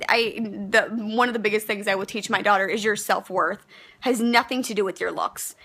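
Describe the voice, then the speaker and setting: A woman's voice: mid-range voice, moderate pace, vocal fry, pushed and bright. A pregnant young woman ranting frankly to camera, heated and profane, with many fillers and restarts. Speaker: vlogger. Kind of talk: casual rant to camera.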